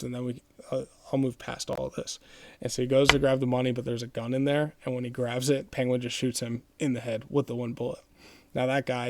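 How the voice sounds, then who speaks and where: A man's voice: medium pitch, gravelly, a little mellow, no room sound. A male podcast host retelling a comic book plot in a loose, rambling way, with many fillers. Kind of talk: casual plot recap.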